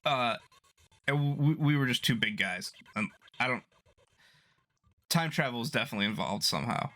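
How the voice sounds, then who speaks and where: A man's voice: mid-range voice, lively intonation, normal speed, pushed and bright. A young man co-hosting a podcast, chiming in with clarifications and side comments. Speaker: podcast co-host. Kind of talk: casual chat.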